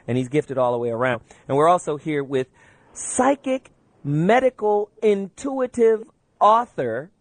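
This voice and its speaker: Lively male call-in radio host. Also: a little high, unhurried, no echo. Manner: animated, playful, laughs often. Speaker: radio talk show host. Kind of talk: casual call-in radio talk.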